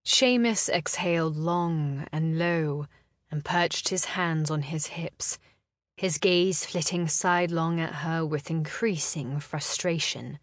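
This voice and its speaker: Calm woman audiobook narrator, unhurried delivery, dry close-miked recording. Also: deep voice, no echo. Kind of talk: scripted narration.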